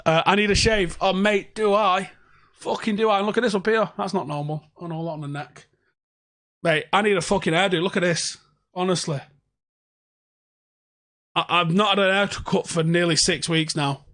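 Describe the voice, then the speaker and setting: A young man rants through a casual livestream from his home. He swears freely and talks sarcastically. His voice sits a little higher than most men's. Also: steady tone, moderate pace, long pauses, a bit bright, no echo, studio quality. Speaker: fan channel host.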